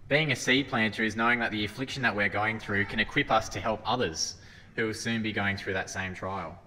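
Man, earnest lay sermon, lowish pitch, bright tone, reverberant hall, faint background ambience. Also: steady tone, brisk, slight background noise. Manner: earnest, with frequent restarts and scripture readings. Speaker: lay preacher. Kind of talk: sermon talk.

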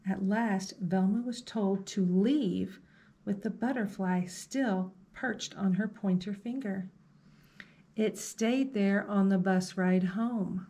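A woman librarian with a mid-range voice reads a picture book aloud to children, slow and gentle, pausing now and then to ask the listener questions.

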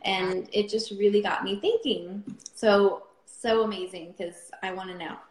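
A woman's voice: medium pitch, measured pace, echoey room, rough recording. A woman co-presenting in casual chat, encouraging her guest to share.

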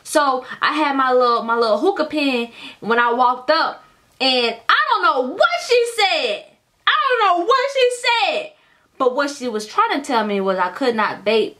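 A woman's voice: high-pitched, moderate pace. A young adult woman vlogging casually, telling a storytime full of cursing and talking straight to her viewers as y'all. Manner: animated, profane storytelling, addresses viewers as y'all.

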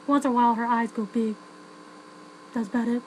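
Chatty woman reviewer, slightly high voice. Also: fairly even intonation, fairly quick, slight background noise, rough recording. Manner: chatty, frank, many fillers and restarts, laughs often. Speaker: film reviewer. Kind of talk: casual spoken film review.

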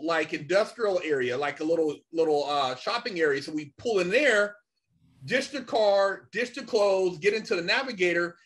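A middle-aged man telling a story casually and animatedly, swearing often and filling pauses with "you know" and "man". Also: sits high. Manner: animated, swears a lot, many fillers. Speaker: podcast guest.

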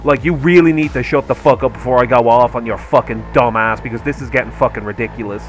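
A man hosts a commentary video, delivering a heated, sarcastic angry rant packed with constant swearing. His voice is medium-pitched and fast, with faint music in the background.

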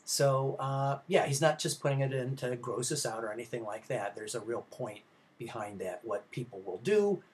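Male college film lecturer, mid-pitched voice, loose and conversational, full of uhs and restarts as he talks to his class. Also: animated, moderate pace. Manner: rambling, many filler sounds and restarts; conversational, addresses students directly. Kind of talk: recorded slide lecture.

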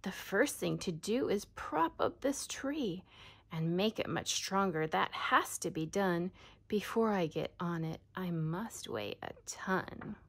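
A woman voicing a kind, loyal male elephant in a storybook reading, speaking softly and earnestly, partly in a whisper. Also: lowish voice, animated, slow pace, slightly rough, heavily acted.

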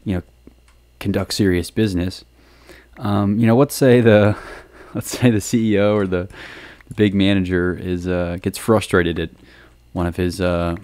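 This podcast host has a low, darkish voice captured in a dry recording. He delivers a loose, casual monologue that's hesitant, peppered with ums and restarts, and dotted with little chuckling asides.

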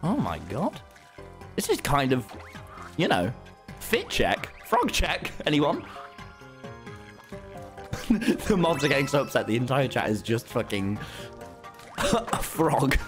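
A man streaming a game live, excitable and swearing, talking back to his chat. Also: mid-range voice, slow pace, pauses often, music in the background. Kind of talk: live gameplay commentary.

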